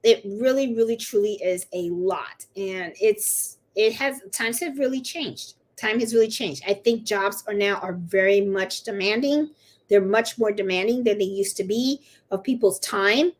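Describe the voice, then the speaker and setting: A woman's voice: mid-range voice, measured pace. A middle-aged woman hosting a live crafting stream, chatting in a rambling, casual way and cooing to her dog now and then. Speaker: livestream host of a crafting channel.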